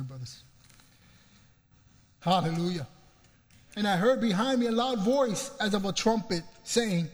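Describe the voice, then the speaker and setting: A man preaching a sermon, reading scripture with fervour and stretching out key phrases. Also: sits high. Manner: fervent, slows and swells on scripture lines. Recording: long hall reverb.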